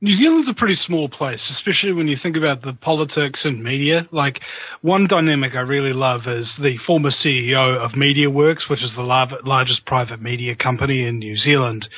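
Male co-host, slightly raised pitch, brisk and explanatory; dry lo-fi radio recording. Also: dry recording. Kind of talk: interview commentary.

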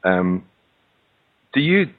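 A man's voice: sits low, sing-song, extremely slow. Scottish man on a tinny phone line. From Scotland. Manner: hesitant, questioning. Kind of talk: casual radio chat.

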